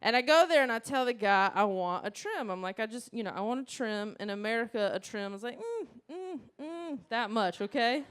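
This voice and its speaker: A woman with a Southern US accent doing a stand-up comedy set, telling stories with loud acted-out outbursts into a handheld mic on a stage. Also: medium pitch, fast talker, few pauses, clean tone. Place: comedy stage before a live audience.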